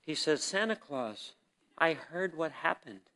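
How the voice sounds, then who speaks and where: A man giving a sermon testimony to a congregation, acting out the dialogue of his story and swinging between quiet reflection and loud, emphatic bursts. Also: a little high, expressive, measured pace. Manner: storytelling that acts out quoted dialogue. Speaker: church speaker sharing a testimony. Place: church service.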